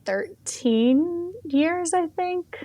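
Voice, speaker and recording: A woman's voice: extremely high pitch, expressive, extremely slow, warm tone, dry recording. A middle-aged woman with a Boston accent, a literary agent chatting in an interview, laughing easily and restarting her sentences often. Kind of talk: casual interview chat.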